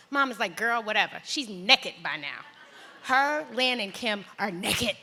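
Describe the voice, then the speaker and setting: A middle-aged woman telling a personal story on stage in a large hall, acting out the voices with big jumps in pitch. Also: big pitch swings, a little slow, bright, forceful tone. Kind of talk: live storytelling performance.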